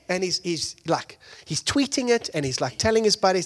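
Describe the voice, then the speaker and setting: A pastor preaching a conversational sermon, moving from hushed asides to loud, excited peaks and acting out the people he quotes. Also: sits high, moderate pace, hardly any pauses.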